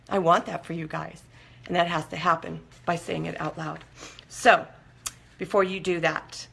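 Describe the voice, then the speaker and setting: A woman's voice: on the low side, vocal fry, pushed and bright. A woman hosting a live-streamed recovery support talk, coaching viewers in an earnest, direct way.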